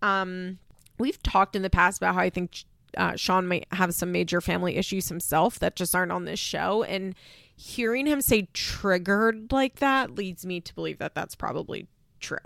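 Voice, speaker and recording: A woman's voice: fairly low pitch, normal speed, vocal fry, fairly bright tone, no room sound, studio quality. A young adult woman hosting a podcast, chatting casually and sarcastically through a reality-TV recap with lots of rhetorical questions. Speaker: podcast host.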